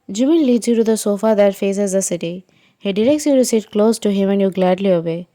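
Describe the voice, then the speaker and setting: A woman narrating a second-person fan fiction story in an even, unhurried way. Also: mid-range voice, no room sound.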